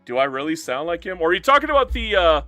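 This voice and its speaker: A man's voice: a little high, sing-song, fast talker, sharp tone, soft background music. A man live-streaming a strategy game and bantering playfully with his chat as he reads their messages aloud.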